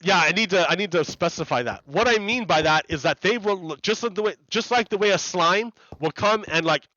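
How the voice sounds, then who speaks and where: Bright, high-voiced rambling male streamer. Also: fairly quick, no room sound, dull audio. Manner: rambling, repeats words and restarts, laughs often. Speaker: live streamer. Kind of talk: casual live-stream chat while playing a game.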